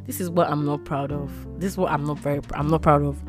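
A young Nigerian woman hosting a podcast, telling a personal story with lively, emotional exclamations. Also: low-pitched, fast, faint music behind. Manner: animated, emotional storytelling with frequent laughs and exclamations. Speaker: podcast host.

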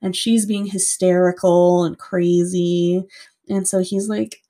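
A woman's voice: fairly low pitch, little pitch movement, slow pace, warm tone. A woman casually recounting a true-crime story to a co-host, chatty with lots of "like" and free swearing.

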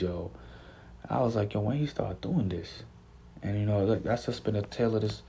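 A man's voice: on the low side, dark tone, slight background noise. A man hosting a casual sports podcast, laid-back and slangy, often repeating himself. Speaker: podcast host.

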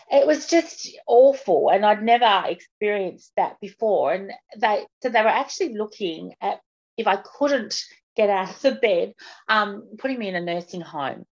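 A woman guest speaking candidly in an interview, halting and often restarting her sentences. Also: mid-range voice, dull audio. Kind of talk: personal interview.

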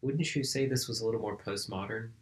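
A man with a lowish voice talks through a film's themes at a measured, thoughtful pace. His tone is calm and considered, as if he is building an academic point in casual conversation. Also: slight background noise. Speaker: podcast co-host. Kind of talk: casual film discussion.

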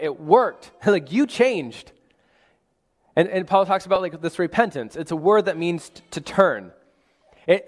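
Male pastor, 30s, chatty sermon delivery, slightly high voice, long hall reverb. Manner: casual, conversational preaching with many "like"s and restarts.

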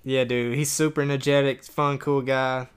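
Smooth-voiced man chatting casually. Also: mid-range voice, flat delivery, normal speed. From New Jersey. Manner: enthusiastic, rambling, lots of fillers. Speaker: podcast co-host. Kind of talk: casual chat.

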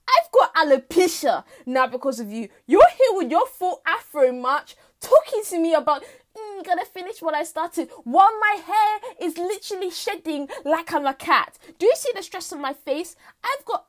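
A woman's voice: a little high, lively intonation, measured pace, darkish tone. A woman voicing the month September as a stressed young man who talks in put-on street slang and rants in exasperation. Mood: exasperated.

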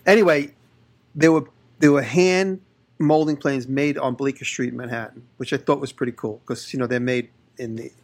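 A man's voice: mid-range voice, fairly even intonation, moderate pace. A man hosting a casual podcast, telling long rambling anecdotes about his workshop. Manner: rambling anecdotes, with voices for the people he quotes. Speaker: podcast host, woodworker. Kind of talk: casual chat, storytelling.

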